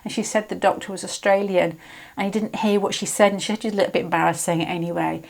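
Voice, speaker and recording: A woman's voice: mid-range voice, fairly even intonation, fast, creaky. Rambling British woman reading tarot. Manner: rambling and digressive, often restarting mid-sentence. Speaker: tarot reader. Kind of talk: casual tarot reading to camera.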